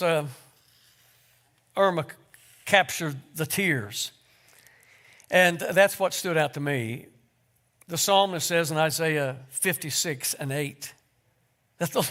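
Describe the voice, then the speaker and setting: A man preaching a sermon, unhurried, with small restarts and self-deprecating humor. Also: a little high, fairly bright tone.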